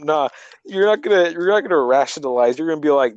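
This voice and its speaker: A man's voice: a little high, quick pace, lo-fi sound. A young man co-hosting a podcast, telling stories with energy, repeating himself and laughing. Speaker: podcast co-host. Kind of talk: casual storytelling chat.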